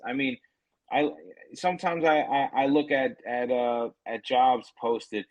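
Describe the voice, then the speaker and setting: A man's voice: mid-range voice, measured pace, low-quality recording. A man co-hosting a casual podcast over a remote call, ranting with profanity and mocking quotes. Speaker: podcast co-host.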